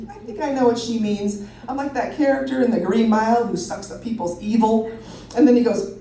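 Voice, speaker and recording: A woman in her thirties telling a personal story live on stage, animated and self-mocking, laughing often. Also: a little high, moderate pace, slight background noise. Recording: roomy hall from a distance.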